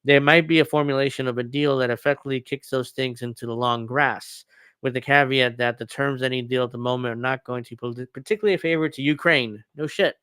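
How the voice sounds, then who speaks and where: A man's voice: medium pitch, fairly even intonation, fast talker, a bit bright, smooth, no echo. A man hosting a casual political commentary show, reading news articles aloud and riffing on them sarcastically. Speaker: podcast host.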